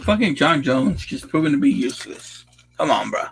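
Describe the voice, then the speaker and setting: A man's voice: a little high, very animated, normal speed, gravelly, slightly rough, low-quality recording. A young man casually talking over a movie he is watching, rambling with lots of fillers and constant swearing. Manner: profane, rambling, laid-back with frequent fillers. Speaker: watch-along host.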